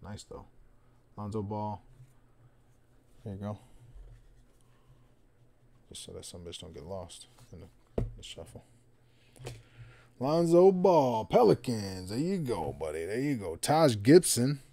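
A man hosting a card break, casually calling out players with slangy, excited remarks and muttered asides. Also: on the low side, measured pace, creaky, pauses often, a little hiss or hum. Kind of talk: casual card-opening commentary.

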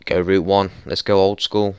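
A young man narrates his football management save in a lowish, smooth voice, recorded dry and close at a desk mic. He grumbles, swears and breaks into exasperated yells at his players. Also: level tone, normal speed, no room sound, highs cut off. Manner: frustrated, swearing, exasperated outbursts. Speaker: gaming YouTuber. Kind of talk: football management let's play commentary.

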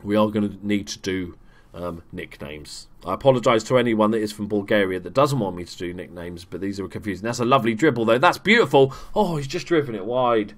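Speaking briskly with few pauses, a young man with a fairly low voice narrates his gameplay in a casual let's play. His play-by-play is loose and chatty, full of self-mockery, and he curses in excited moments.

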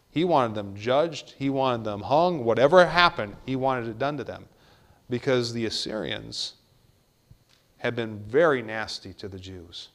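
A man's voice: mid-range voice, a bit bright. A man preaching a sermon in a church, reading scripture aloud and repeating key words for emphasis. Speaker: pastor. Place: church sanctuary.

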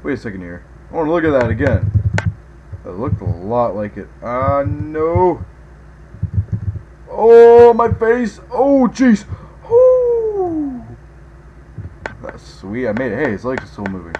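A man giving let's play commentary as a gaming video host, excitable, yelping and groaning at every mishap. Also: fairly low pitch, a little fast, highs cut off, slight background noise.

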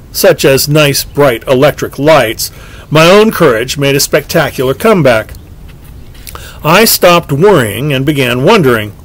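A man narrating a story aloud in a lively, expressive way. His voice is fairly high for a man and rises and falls widely across each sentence. He reads as a scripted narration. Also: low-quality recording. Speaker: audiobook narrator.

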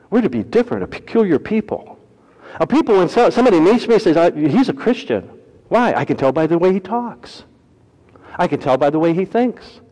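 Male pastor, fairly high voice, folksy sermon, booming then hushed, church-hall reverb. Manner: folksy, humorous, swings from loud emphasis to hushed.

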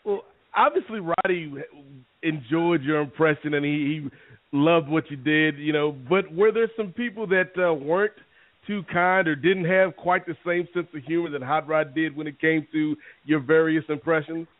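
A man hosting a radio interview, asking long, measured questions. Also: a little high, dry recording. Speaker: radio host. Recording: tinny phone-quality line.

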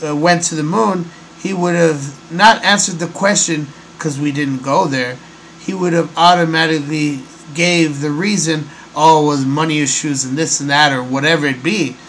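Male host, slightly high voice, rambly and halting, faint hum behind. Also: fairly even intonation, fairly bright tone, low-quality recording. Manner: rambling, hesitant, many fillers. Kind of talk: casual monologue.

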